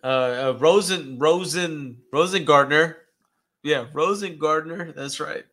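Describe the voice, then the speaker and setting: A man's voice: on the high side, slow pace, a bit bright. A man co-hosting a casual podcast, easygoing and agreeable as he chats along. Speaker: podcast co-host.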